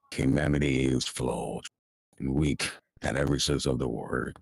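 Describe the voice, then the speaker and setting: Gravelly, deep villain. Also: male voice, exaggerated voice. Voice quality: gravelly, husky. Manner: slow grandiose villain monologue. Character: deep-voiced male villain, grandiose and menacing. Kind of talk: tabletop role-play acting.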